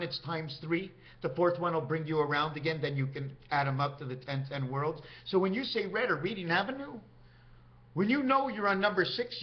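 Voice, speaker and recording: A man's voice: high-pitched, muffled recording. A man talking straight to camera in a rambling, free-associating monologue that jumps from topic to topic. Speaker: vlogger.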